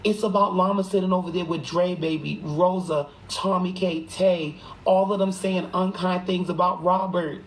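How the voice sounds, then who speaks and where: A live streamer talking at home into a phone, in rapid, emphatic and profane gossipy livestream chat, sometimes hushed. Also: mid-range voice, steady tone, poor audio. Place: room at home.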